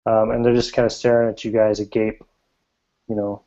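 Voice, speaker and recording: A man narrating a tabletop game as game master, in a laid-back, halting way with frequent chuckles. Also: on the low side, flat delivery, warm tone. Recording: slightly muffled.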